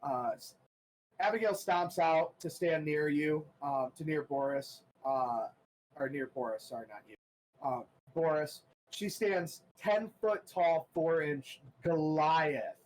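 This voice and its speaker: A man narrating a tabletop game as game master, halting and full of ums and restarts. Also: a little high, slight background noise, low-quality recording.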